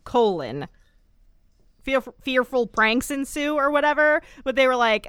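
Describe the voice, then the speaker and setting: Smooth, crisp-voiced sarcastic woman. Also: high-pitched, animated, a little slow, fairly bright tone, no room sound, clean studio sound. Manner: sarcastic, rambling with many ums. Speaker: podcast co-host. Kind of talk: casual chat recapping a TV episode.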